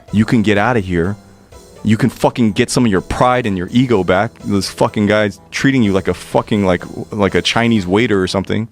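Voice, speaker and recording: A man telling a personal story in an animated, excitable way, swearing freely and restarting his sentences. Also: fairly low pitch. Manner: profane, excitable, stammering restarts.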